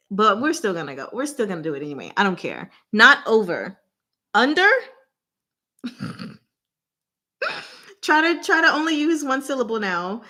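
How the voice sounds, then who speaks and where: A woman hosting a casual livestream word game. She gives clues in short, deliberate fragments and laughs often. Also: mid-range voice, bright, forceful tone. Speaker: channel host running a livestream game.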